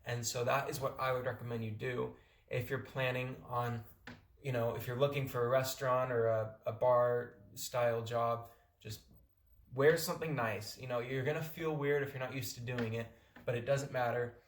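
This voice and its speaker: A man's voice: medium pitch, steady tone, moderate pace, echoey room. A young American man from California giving casual, rambling advice in a vlog. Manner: rambling, many restarts and fillers. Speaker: vlogger.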